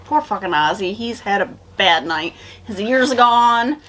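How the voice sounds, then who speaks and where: A woman's voice: medium pitch, animated, measured pace, fairly bright tone, slight background noise. A tipsy woman co-hosting a casual movie review, retelling the plot in a rambling, profane way. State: tipsy from drinking.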